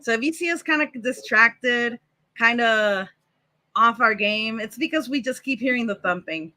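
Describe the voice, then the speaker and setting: A woman's voice: a little high, normal speed, pushed and bright. A woman hosting a casual live developer show over a video call, chatty and upbeat. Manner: upbeat, chatty, laughs easily. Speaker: host and product manager.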